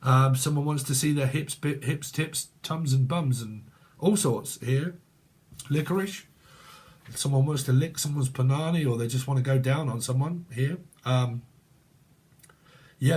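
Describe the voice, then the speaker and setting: Crude joking man reading tarot. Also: medium pitch. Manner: crude joking, laughs often; rambling, chatty. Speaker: tarot reader.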